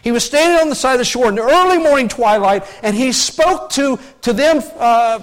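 A man preaching a sermon as pastor, animated and emphatic, with frequent restarts and loud peaks. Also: very high-pitched, fairly quick, hardly any pauses.

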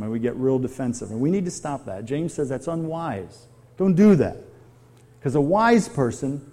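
A man's voice: fairly high pitch, dark tone. A middle-aged man preaching a sermon, conversational and full of questions to his audience. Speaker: pastor.

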